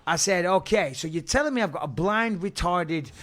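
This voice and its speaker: A man guesting on a podcast, telling a comic story in an animated way, swearing freely and acting out quotes. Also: sits high, moderate pace.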